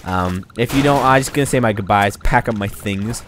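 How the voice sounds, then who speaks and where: A man's voice: fairly low pitch, a little fast, very noisy. A man giving rambling, silly let's-play commentary, narrating his character in a joking third-person voice. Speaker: gaming YouTuber.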